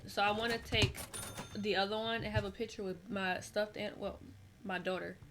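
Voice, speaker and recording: A young adult woman streaming a game, tired and chatting in a rambling, relaxed way full of slang. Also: mid-range voice, moderate pace, background noise. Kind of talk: casual gameplay chat.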